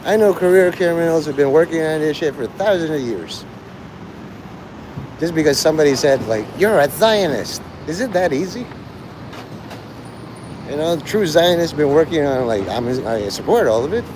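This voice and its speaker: Man, live streamer, crude sardonic rambling, animated voice, noisy street. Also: on the high side, moderate pace, long pauses.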